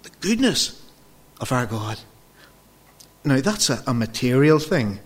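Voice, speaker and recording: A man's voice: medium pitch, a little slow, breathy edge. Man preaching with stories. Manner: storytelling, acts out dialogue, addresses the folks directly. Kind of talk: sermon with personal stories.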